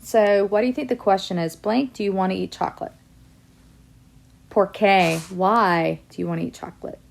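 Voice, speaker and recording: Spanish teacher lady going over questions for her class, bit of a gravelly voice, explains each one step by step. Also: mid-range voice, moderate pace, slight background noise. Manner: explains step by step, mixing English and Spanish examples. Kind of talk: classroom lesson video.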